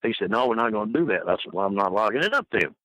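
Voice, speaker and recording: An older man rambling through a folksy anecdote as an interview guest, his voice bright and forceful. He laughs at his own stories, and the sound is dry and close. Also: fairly low pitch, very animated, very fast, no room sound, rough recording.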